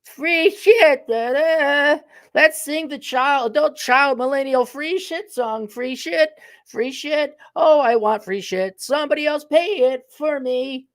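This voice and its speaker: A man doing a high, nasal-sounding young freeloader who whines in a sing-song chant. The voice sits far above his usual register, and the tone is odd and pinched. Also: a little slow, hardly any pauses, fairly bright tone, no echo. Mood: mocking. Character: whiny young man begging for handouts.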